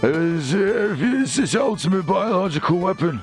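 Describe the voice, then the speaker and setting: A man doing a playful impression of a grand, menacing male game villain, with exasperated, halting rants. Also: sits high, very animated, soft background music, voice pushed up.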